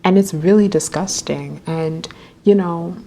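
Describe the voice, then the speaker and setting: A young woman telling a storytime vlog, animated and chatty, full of fillers. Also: on the low side, a little slow, gravelly. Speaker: vlogger.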